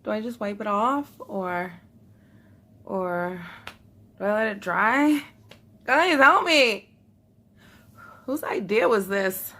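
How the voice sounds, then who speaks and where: A young woman chats with her viewers in a casual beauty vlog while trying something new at home. She speaks slowly in a mid-range, slightly bright voice with long pauses, seems nervous, laughs often, and talks straight to the camera.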